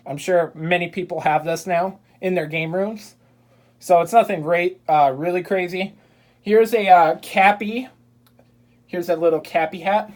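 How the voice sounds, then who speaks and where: A woman's voice: lowish voice, darkish tone. A woman filming a casual tour of her game room at home on a handheld phone, chatting in an offhand, upbeat way with plenty of fillers. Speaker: video creator giving a room tour. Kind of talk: casual vlog narration. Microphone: handheld phone camera.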